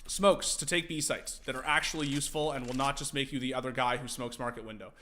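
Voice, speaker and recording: A young man casually streaming, teaching game tactics to his chat, animated and profane. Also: medium pitch, quick pace, slight background noise. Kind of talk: casual livestream commentary.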